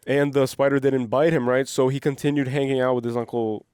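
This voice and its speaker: A man co-hosting a movie reaction, chatting casually and repeating excited exclamations. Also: medium pitch, brisk, clear, resonant tone, dry recording, studio quality.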